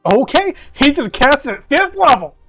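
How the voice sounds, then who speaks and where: A man's voice: extremely high pitch, sing-song, normal speed, a bit bright, soft background music. A man narrating as game master of a tabletop game, casual and rambling, with some swearing.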